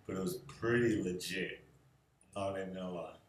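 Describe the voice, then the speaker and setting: Rambling low-voiced young man, echoey room. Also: moderate pace, a little hiss or hum. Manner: relaxed, rambling, many fillers. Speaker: groom answering questionnaire. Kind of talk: casual video answers.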